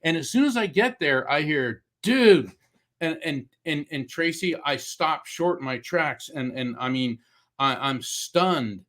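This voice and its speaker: A middle-aged man from Florida, a psychic medium, telling a personal story in an interview with animated, acted-out quotes. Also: unhurried. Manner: animated storyteller, acts out quoted voices with big pitch jumps. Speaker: guest, psychic medium and author. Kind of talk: storytelling in a talk show interview.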